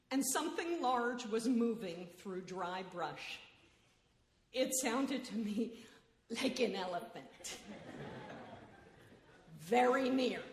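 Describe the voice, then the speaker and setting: A woman reading a story aloud expressively, with dramatic pauses and hushed suspense. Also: high-pitched. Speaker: reader. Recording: echoey hall, faint noise.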